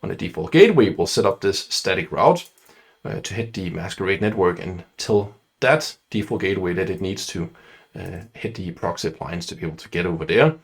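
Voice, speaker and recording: Instructor, male, lowish husky voice, reads the question, then thinks out loud and hesitates a lot. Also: lively intonation, brisk. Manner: reads aloud, then thinks out loud with many fillers and restarts. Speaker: IT certification instructor. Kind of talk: talking through an exam question.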